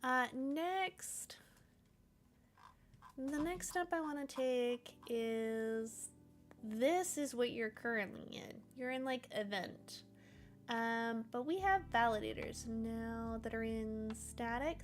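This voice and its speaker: Woman, high-pitched, slow-paced, casual streamer chat, faint background music. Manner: chatty, talks to her cats and reads chat aloud; animated, bursts of excitement. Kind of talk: casual live coding stream.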